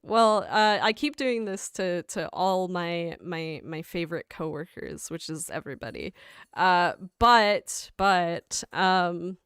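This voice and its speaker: Woman streamer, unhurried and giggly, clear dry close-mic sound. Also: on the low side, fairly bright tone, no room sound. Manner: chatty and rambling, reads chat aloud, laughs often. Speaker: livestream host. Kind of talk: casual livestream chat while gaming.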